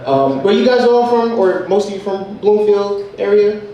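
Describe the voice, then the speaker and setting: Laid-back and chuckling between lines, a New Jersey-accented comic performs stand-up for a comedy club audience, heard from a distance in the echoey room. His voice sits high and mellow at normal speed, with highs cut off and slight background noise.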